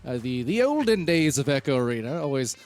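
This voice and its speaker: A man co-casting a live esports match, relaxed and joking, with some hesitations. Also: mid-range voice, brisk, soft background music. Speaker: esports co-caster. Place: broadcast booth.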